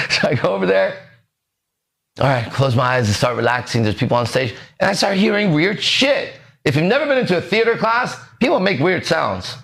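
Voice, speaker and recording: A podcast host tells a long story in a loose, profane, animated way. His pitch swings widely as he acts out the other people's voices. His voice sits a little high for a man. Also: moderate pace, vocal fry. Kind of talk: casual storytelling.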